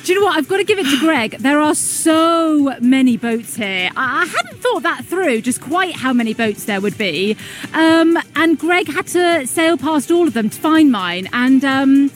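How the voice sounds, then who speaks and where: A woman radio DJ chatting live outdoors, bubbly, her voice nearly worn out from shouting. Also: sits high, sing-song, moderate pace, soft background music. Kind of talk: live radio chat on location.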